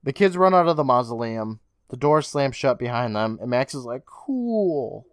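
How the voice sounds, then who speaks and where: A man's voice: medium pitch, fairly quick, smooth, dry recording, studio quality. A young adult man co-hosting a podcast, recapping a TV episode in a wry, profane, casual way. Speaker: podcast co-host.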